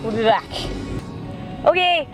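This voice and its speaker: A tipsy young woman rambles through a story with a slightly high voice, giggling as she goes. She fills her talk with likes and ums, speaking into a handheld camera mic. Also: animated, takes it slowly, muffled recording, over music. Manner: giggly, rambling, full of fillers. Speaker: vlogger. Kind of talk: casual rambling vlog rant.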